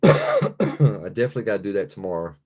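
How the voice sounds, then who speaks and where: A man's voice: lowish voice, huge pitch swings, a little fast, husky. A man chatting casually on his live stream, rambling loosely and swearing freely, into a phone on a stick.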